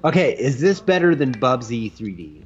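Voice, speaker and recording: A man's voice: mid-range voice, big pitch swings, normal speed, lo-fi sound. A man co-hosting a retro game show, bantering casually and wryly with jokes while his partner plays. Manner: wry, joking interjections.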